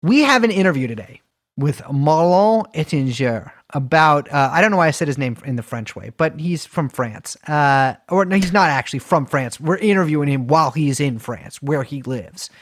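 A man's voice: on the high side, animated, brisk, a bit bright. A man co-hosting a podcast in casual chat, joking and rambling, often correcting himself mid-sentence. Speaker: podcast co-host. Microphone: video call from a basement.

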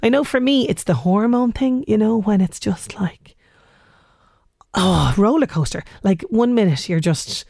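A woman's voice: medium pitch, unhurried, no room sound, studio quality. Chatty Irish woman radio host. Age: late 30s. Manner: chatty, animated, acts out voices. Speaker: radio presenter. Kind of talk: casual radio chat.

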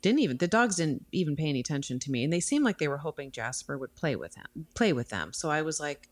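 Brief: woman in her 30s, casual podcast storyteller, lower voice, rambling. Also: big pitch swings, fast, few pauses. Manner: rambling, uses lots of "like". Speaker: podcast co-host. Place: home.

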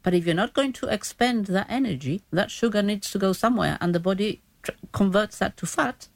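A woman talks through health facts patiently, circling back and restarting her sentences as she goes. Her voice sits at a middling pitch. The sound is close and dry, with no room around it. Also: brisk, creaky, no room sound. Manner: explains patiently with frequent restarts. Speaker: diabetes educator guest. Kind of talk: explanatory radio chat.

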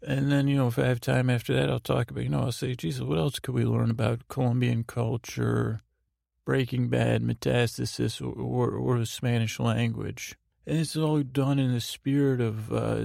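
A man's voice: medium pitch, level tone, moderate pace, creaky, darkish tone, no room sound, studio quality. A man hosting a sleep podcast, talking in a detached, tired, meandering way with many restarts. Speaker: podcast host. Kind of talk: rambling sleep podcast monologue.

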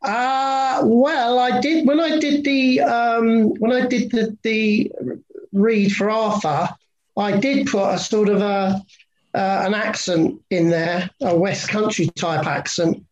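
A man's voice: high voice, fairly even intonation, slow, lo-fi sound. A man from England, an actor guest on a podcast, talking in a rambling, hesitant way. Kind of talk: casual interview chat.

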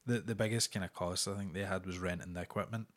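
Man, low voice, explaining, listing trivia, relaxed chat. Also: fast. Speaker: podcast co-host. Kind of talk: casual chat about films.

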